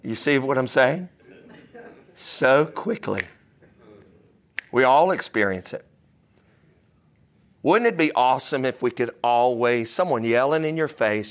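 A man's voice: mid-range voice, animated, measured pace, pauses often, slight background noise. A man preaching a sermon in a conversational, joking way, often putting questions to his listeners. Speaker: pastor.

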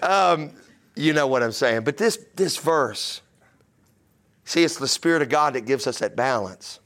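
A man's voice: medium pitch, lively intonation, unhurried, a bit bright. A man preaching a sermon in a conversational, joking way, often putting questions to his listeners. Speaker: pastor.

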